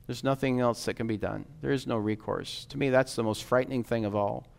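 A man preaching a sermon in an earnest, urging way, rising in emphasis and dropping low again. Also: fairly even intonation, brisk, vocal fry.

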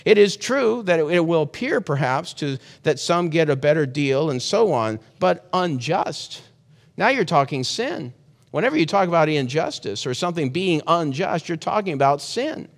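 A man delivering a sermon in a talky, earnest manner, often backing up to restart a phrase. His voice sits slightly high for a man. The recording carries a long hall reverb behind him. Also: lively intonation, normal speed, gravelly. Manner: conversational, earnest, frequent restarts. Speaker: preacher.

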